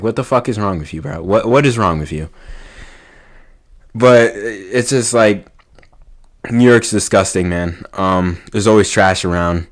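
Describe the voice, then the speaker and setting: A young man, rambling casually to the camera, full of fillers and swearing, dropping to a mumble and then rising to loud exclaiming. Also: sits low. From New York. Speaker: vlogger.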